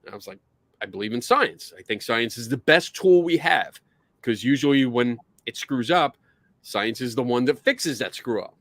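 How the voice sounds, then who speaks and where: Animated male podcast host, dry sound. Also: medium pitch, moderate pace, dry recording. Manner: animated storytelling, acts out quotes. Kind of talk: casual podcast chat.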